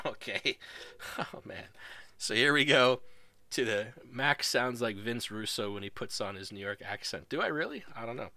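A man's voice: fairly low pitch, animated, normal speed, bright, forceful tone, no echo. A man hosting a live stream, casually commentating a video wrestling show, rambling and laughing as he goes.

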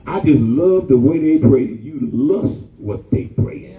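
A man preaching a sermon, animated and colloquial, calling out to the congregation. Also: mid-range voice, slow pace, roomy sound, far from the mic, poor audio.

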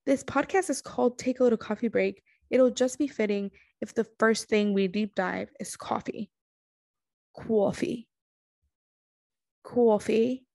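Sleepy, chatty young woman with a gravelly voice. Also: fairly high pitch, normal speed, few pauses, darkish tone, dry recording, studio quality. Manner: chatty, self-deprecating, many fillers and restarts. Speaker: podcast host. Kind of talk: casual solo podcast monologue. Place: home, on a couch.

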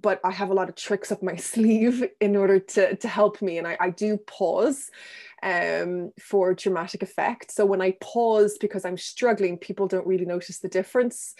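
A woman answering interview questions about self-compassion in a gentle, thoughtful way, pausing with ums and restarting her sentences. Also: on the low side. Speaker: guest speaker on self-compassion.

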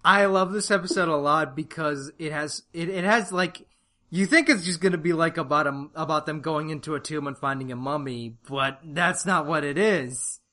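A man co-hosting a casual review chat, animated and often laughing. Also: fairly high pitch, normal speed. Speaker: podcast co-host.

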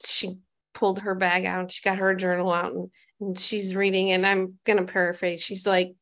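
A woman's voice: mid-range voice, monotone, moderate pace, fairly bright tone. A woman giving a personal recovery testimony to a group, candid and self-mocking, asking her listeners questions as she goes. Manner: conversational, asks the audience questions. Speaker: speaker sharing her recovery story.

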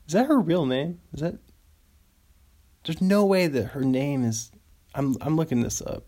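A man's voice: fairly high pitch, expressive, unhurried, long pauses, dark tone. A man hosting a solo podcast, rambling and amused with himself as he cheers on his own jokes. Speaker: podcast host.

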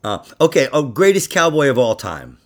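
Laughing teasing man, lively pitch. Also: moderate pace. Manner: laughing often, teasing, says dude a lot. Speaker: podcast host and stand-up comic. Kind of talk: casual comedy chat.

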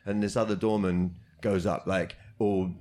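Rambling comedian telling stories. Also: male voice, low-pitched, little pitch movement, moderate pace, mellow, a little hiss or hum. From Britain. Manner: rambling, self-deprecating storyteller, laughs while talking. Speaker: comedian guest. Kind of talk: casual anecdote-telling chat. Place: karaoke box.

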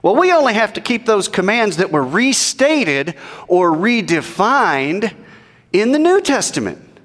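A man voicing a smug, know-it-all churchgoer in a high, sing-song tone. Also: sing-song, measured pace, fairly bright tone, big-room sound, heavily acted.

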